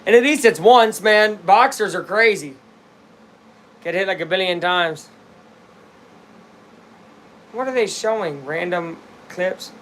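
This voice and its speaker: High-voiced excitable male game streamer. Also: takes it slowly, long pauses, a little hiss or hum. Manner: chatty, rambling, erupts into shouts at big plays. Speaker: fan streamer watching the game live. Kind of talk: casual play-by-play commentary.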